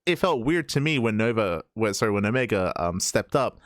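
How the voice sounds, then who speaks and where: Low-ish guy rambling thru a show review, lots of "like", dry close mic. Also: animated, a little fast, a bit bright, no echo. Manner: rambling, many restarts and "like". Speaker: podcast co-host. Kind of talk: casual review chat.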